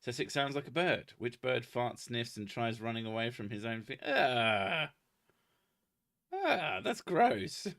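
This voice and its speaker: A man's voice: mid-range voice, normal speed, few pauses, pushed and bright. A British man hosting a casual chat, reading out viewer comments with lots of laughing, swearing and self-mocking jokes. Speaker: host.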